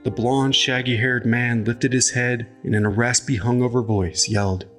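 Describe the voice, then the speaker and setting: A man narrating an audiobook chapter in a measured, even storytelling manner. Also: medium pitch, soft background music.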